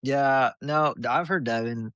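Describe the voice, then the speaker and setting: A man's voice: mid-range voice, a little slow, a bit bright, no echo, muffled recording. A young man on a podcast, casually telling stories and laughing often. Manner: laid-back storyteller, laughs a lot. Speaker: podcast host. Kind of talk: casual chat.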